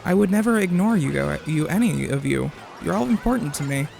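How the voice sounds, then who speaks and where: A man streaming a game, his voice pitched a bit high and full of gravelly fry. He argues with chat messages he reads aloud, swears freely and trails into rambling restarts, with game music playing faintly underneath. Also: lively intonation, brisk, a little mellow. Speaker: live streamer. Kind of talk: casual live-stream chat while gaming.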